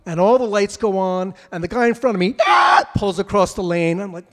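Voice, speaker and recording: A middle-aged father recounts a family road trip in a casual, animated way, popping into other people's voices as he goes. His voice sits a little high for a man. The sound carries a long, hall-like reverb. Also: a little fast. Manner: animated, acts out voices of kids and troopers. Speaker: father telling a family story. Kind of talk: casual personal storytelling.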